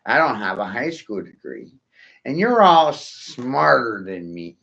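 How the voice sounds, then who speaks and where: A man's voice: mid-range voice, creaky, fairly bright tone, lo-fi sound. A man ranting to his viewers in a profane, sarcastic monologue, taunting them with rhetorical questions. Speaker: vlogger.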